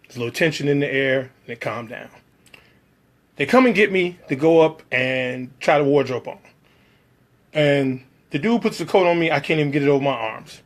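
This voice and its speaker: A man's voice: on the high side, lively intonation, normal speed. A man telling a personal story about working as a background actor, acting out the other people's lines in shifting voices.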